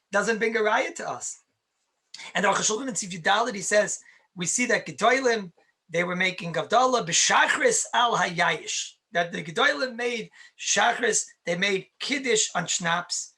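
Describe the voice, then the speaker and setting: Bright-voiced rabbi giving an emphatic lecture. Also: male voice, high voice, gravelly. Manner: emphatic, repeats points, asks and answers his own questions. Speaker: rabbi teaching halacha. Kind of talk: conversational Torah lecture.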